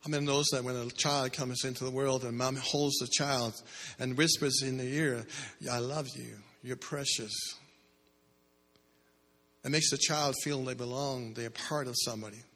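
During a sermon in an echoing church hall, a man preaches in a steady, mid-range, fairly bright voice at normal speed, barely pausing. He poses "how many" questions to the congregation and builds in bursts.

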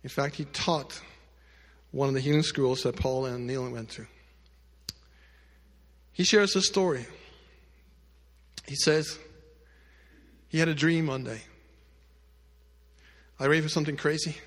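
A male pastor telling a story in a sermon, addressing the congregation directly and moving between loud emphatic lines and hushed quiet ones. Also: medium pitch, measured pace, pauses often, big-room sound. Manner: speaks directly to the congregation with asides.

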